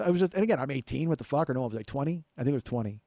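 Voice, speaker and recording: A man in his forties rattles off a comic anecdote at a fast clip, swearing freely and playing every voice in the story himself. His voice sits slightly high and sounds dry and close to the mic. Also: no echo. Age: 40s. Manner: profane, animated anecdote-telling with acted-out dialogue. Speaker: podcast host and comedian.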